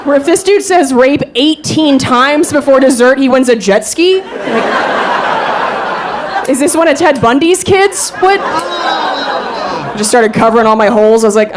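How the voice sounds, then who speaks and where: Animated woman comedian in her thirties. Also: sits high, moderate pace, noisy background. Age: 30s. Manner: animated, self-mocking storytelling. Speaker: stand-up comedian. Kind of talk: stand-up comedy set. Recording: live show with crowd laughter. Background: audience laughter.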